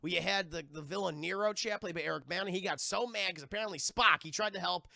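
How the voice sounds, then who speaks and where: Young guy w a high gravelly voice, cursing a lot as he recaps a show to his chat. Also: fast talker, sharp tone, dry recording, studio quality. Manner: profane, rambling, keeps addressing chat. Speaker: TV review streamer. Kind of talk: excited spoiler recap to live chat.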